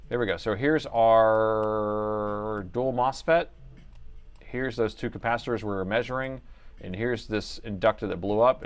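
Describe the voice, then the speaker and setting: A man hosting a live laptop repair stream, muttering to himself as he works and chatting casually with viewers. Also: fairly low pitch. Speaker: livestream repair host.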